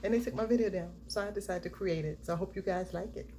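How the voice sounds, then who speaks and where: A woman's voice: mid-range voice, warm tone, slight background noise. Chatty woman giving a makeup tutorial. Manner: chatty, unhurried, chants a catchphrase. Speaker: beauty vlogger. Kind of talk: casual makeup tutorial talk.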